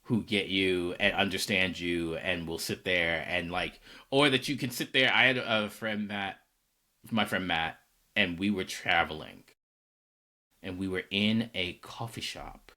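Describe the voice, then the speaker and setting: A man's voice: low-pitched, measured pace. A man co-hosting a podcast, telling stories casually and acting out what people said. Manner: animated, acts out quoted dialogue. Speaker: podcast co-host. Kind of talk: casual conversational storytelling.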